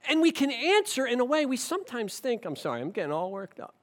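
Impassioned high-voiced male preacher. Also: wildly swooping pitch, fast, hardly any pauses. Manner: impassioned, rising to forceful emphasis then dropping low. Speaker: pastor. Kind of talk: sermon. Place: church sanctuary.

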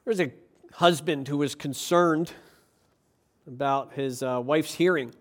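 A pastor delivers a sermon, mixing scripture reading with playful stories. His voice sits high for a man, and he moves from hushed asides to loud, punchy lines. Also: unhurried. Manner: animated, jokey storytelling, swings from quiet to loud. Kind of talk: sermon with Bible reading and jokes.

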